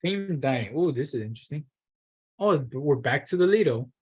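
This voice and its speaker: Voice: mid-range voice, lively intonation, normal speed, darkish tone, breathy edge. Adult reading a brochure with joking asides. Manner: reads with small stumbles and self-mocking asides. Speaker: workshop participant. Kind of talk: reading a travel brochure aloud.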